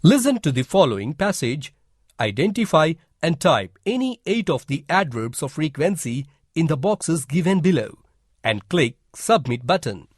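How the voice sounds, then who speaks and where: Guy reading a school lesson slow and careful, kinda husky, dry close voice. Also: on the high side, very animated, no room sound. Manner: slow and deliberate, instructive. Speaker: teacher narrator. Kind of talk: scripted educational narration.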